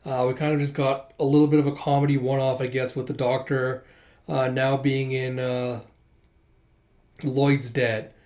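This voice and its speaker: A man's voice: medium pitch, flat delivery, normal speed, a little mellow. A man giving a casual, rambling commentary on a manga chapter, thinking aloud with fillers.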